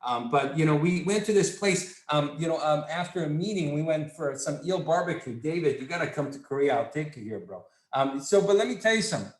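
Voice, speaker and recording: A man leading a sales training session, talking in an excitable, repetitive, salesy way. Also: fairly high pitch, brisk, few pauses. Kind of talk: enthusiastic product training talk. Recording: echoey room.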